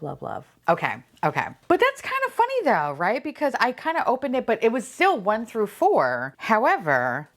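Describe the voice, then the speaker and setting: Woman, unboxing vlogger, excitable, swears a lot, squealing laughs, very lively pitch. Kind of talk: excited casual unboxing chat.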